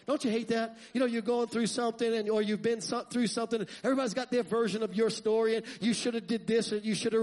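Guy preaching a sermon, pretty high voice, keeps asking the crowd questions and ramping up loud. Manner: rhetorical questions to the congregation, building to loud fervent passages.

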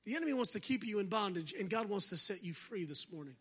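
A male guest preacher in a church service, urging the congregation on with a voice pitched very high. His tone is bright and forceful. He calls for responses and slips in jokes. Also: lively intonation, fast, husky. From United States. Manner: exhorting, calls for crowd response, humorous asides. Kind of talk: energetic sermon.

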